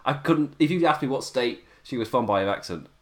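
A man's voice: mid-range voice, expressive, a little fast. A man with an English accent, chatting casually about wrestling as a podcast co-host, laughing often as he rambles. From England.

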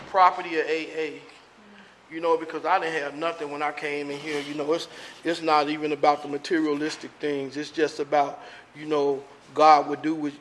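Earnest man with a high voice. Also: a little hiss or hum. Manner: animated, earnest, acts out voices. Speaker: recovery speaker sharing his story. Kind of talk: storytelling share at a recovery meeting. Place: meeting room.

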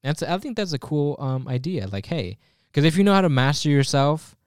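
A man's voice: a little high, big pitch swings, moderate pace, clean tone, dry recording, studio quality. A man co-hosting a podcast, chatting casually in a loose, rambling way and swearing now and then. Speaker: podcast co-host. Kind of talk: casual chat.

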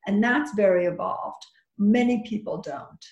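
A woman's voice: mid-range voice, measured pace, creaky, darkish tone, roomy sound, highs cut off. A woman talking as a podcast guest who teaches psychic workshops, chatty and full of restarts and advice. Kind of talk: casual podcast chat.

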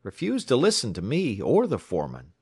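A man's voice: mid-range voice, wildly swooping pitch, a little fast, darkish tone, slightly rough, no echo, studio quality, pitched above the performer's own voice, heavily acted. A man voicing a worried male railroad timekeeper who talks urgently. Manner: urgent, pleading.

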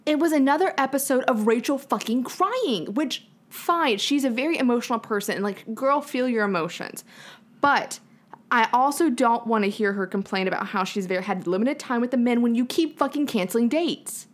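A woman's voice: a little high, lively intonation, moderate pace. A young woman co-hosting a podcast in casual chat, frank and opinionated, swearing freely. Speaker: podcast co-host.

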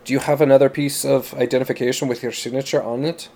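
A man voicing a stern, heavily accented courtroom prosecutor who presses with accusing questions, in a dark, mellow voice. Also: medium pitch, brisk, close to an everyday voice.

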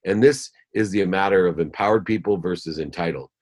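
A man's voice: sits low, brisk, darkish tone. A man giving a motivational talk in an interview, emphatic and listing ideas in rhythmic phrases. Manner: acts out voices when telling a story. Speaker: guest speaker.

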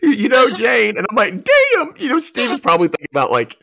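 A man's voice: sits high, quick pace, vocal fry, dry recording, studio quality. A man hosting a podcast, chatting casually and acting out quotes from scenes. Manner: animated, acts out quotes from scenes. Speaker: podcast host. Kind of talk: casual recap chat.

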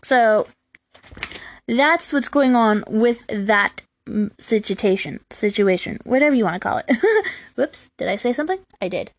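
Her girlish voice is a little high and she talks a little slowly. She's a young adult woman hosting her own podcast from a room at home, chatting casually on her own, rambling and laughing frequently.

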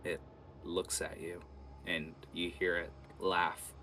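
A man's voice: low voice, flat delivery, takes it slowly, pushed and bright. A man running a tabletop game as game master, narrating scenes vividly with many fillers.

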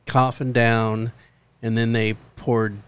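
A man co-hosting a casual podcast, telling a story step by step in a relaxed way. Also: mid-range voice, takes it slowly, clear, resonant tone, no room sound. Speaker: podcast co-host.

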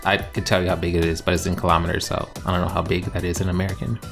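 A man with a somewhat low voice co-hosts a casual comedy podcast. He delivers dry jokes and meandering bits of trivia in a relaxed, offhand way. Faint music plays softly behind him. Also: racing, creaky. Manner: dry, rambling trivia humor. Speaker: podcast co-host.

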